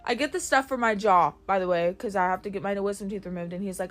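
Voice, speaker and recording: A woman's voice: mid-range voice, quick pace. Woman, chatty sarcastic storytime, jokes at her own expense, faint music behind. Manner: chatty, sarcastic, self-deprecating. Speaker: storytime TikToker. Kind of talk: casual storytime monologue.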